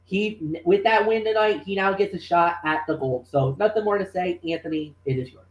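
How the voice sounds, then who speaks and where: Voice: medium pitch, moderate pace, roomy sound, poor audio. A co-host on a wrestling podcast, talking in a loose, rambling way with fillers before handing over to his partner. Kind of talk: casual chat.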